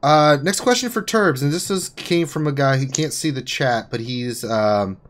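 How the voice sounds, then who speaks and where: A man's voice: on the high side, normal speed, a little hiss or hum. A man hosting a live game Q&A stream, chatting casually with guests on a call and teasing the chat. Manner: teasing, animated, jumps between joking and reading questions.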